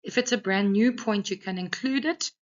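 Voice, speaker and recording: A woman's voice: mid-range voice, normal speed, dull audio. A woman English teacher giving an exam revision lesson, talking a class through a text and often checking in with "okay".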